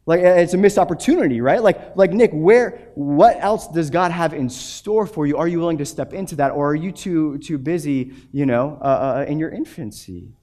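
A young man preaching a sermon, telling a story with animated energy and frequent restarts. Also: on the high side, normal speed, few pauses. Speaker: pastor.

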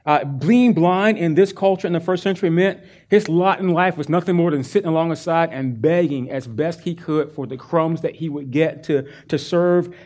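A male pastor preaching a sermon, earnest and animated as he retells a Bible story. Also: a little high, normal speed, hardly any pauses.

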